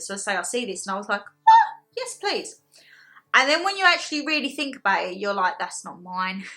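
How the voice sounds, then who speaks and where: A young woman chatting casually in a haul video, animated and self-deprecating, laughing often as she talks. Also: on the high side. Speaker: haul vlogger.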